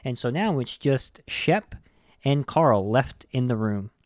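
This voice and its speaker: Podcast host man, mid-pitch, retelling movie scenes loosely, lots of likes, dry close sound. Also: expressive, slow, no room sound. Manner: rambling, loose, full of "like" and "you know". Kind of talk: casual movie recap.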